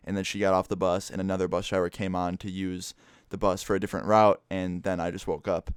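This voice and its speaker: A man's voice: low voice, fairly even intonation, brisk, smooth, no echo, studio quality. A man telling a childhood story in a casual, profane vlog style. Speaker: vlogger.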